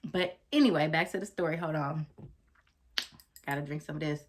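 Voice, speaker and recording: A woman vlogger telling a personal story to her viewers in an animated, chatty way, acting out what people said. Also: sits low, normal speed, background noise. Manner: animated, talks straight to viewers, acts out quotes. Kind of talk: storytime vlog.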